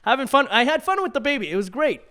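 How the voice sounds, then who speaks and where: A man's voice: extremely high pitch, fast, clean tone. A young man in his twenties co-hosting a casual podcast, telling stories animatedly with lots of laughter. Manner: animated storytelling with frequent laughter. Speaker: podcast co-host. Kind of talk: casual chat.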